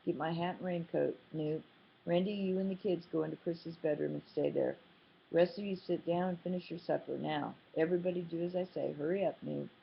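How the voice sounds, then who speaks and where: A woman's voice: fairly low pitch, steady tone, fairly quick, vocal fry, breathy edge, heavily acted. A woman reading a stern, commanding old father. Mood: firm. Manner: firm, clipped orders. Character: stern rural father, older man, steady and commanding. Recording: slightly muffled, dull audio.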